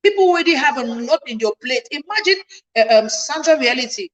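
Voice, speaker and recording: A woman's voice: high voice, expressive, fairly quick, highs cut off. A woman in her thirties telling a personal family story to her viewers, emphatic and passionate, her voice climbing when she gets indignant. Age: 30s. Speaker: livestream host.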